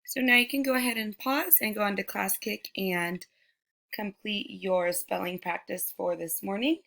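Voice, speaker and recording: A woman teacher giving a recorded phonics lesson to young children, sounding out words slowly and speaking to them directly. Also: mid-range voice, fairly even intonation, creaky, a bit bright. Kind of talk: slow, deliberate remote phonics lesson.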